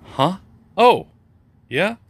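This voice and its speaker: A man's voice: high-pitched, very animated, extremely slow, vocal fry, slightly rough. A man co-hosting an unboxing video, joking and teasing his partner as they guess what the items are. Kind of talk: casual unboxing chat. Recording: noisy home recording.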